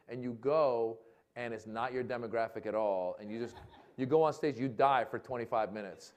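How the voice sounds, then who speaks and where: A male comedian telling a long anecdote at a live talk event, acting out voices and shouting for laughs. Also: fairly low pitch, fairly even intonation, normal speed, clear, resonant tone. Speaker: comedian guest. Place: lecture event with audience.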